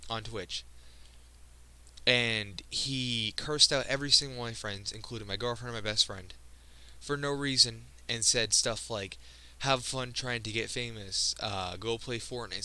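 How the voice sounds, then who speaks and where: Bright-voiced young man, emotional and halting. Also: fairly low pitch, rough recording. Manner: earnest, halting, frequent restarts. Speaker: video creator. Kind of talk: personal vlog monologue.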